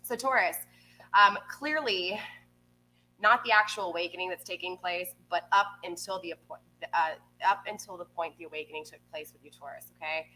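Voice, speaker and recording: A woman with a lowish, bright voice leads a live tarot reading. She talks in a chatty, reassuring way, tacking "okay?" onto her sentences, while a faint hum runs under the recording. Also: moderate pace, low-quality recording. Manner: chatty, frequently adds "okay?" to check in with viewers. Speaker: tarot reader.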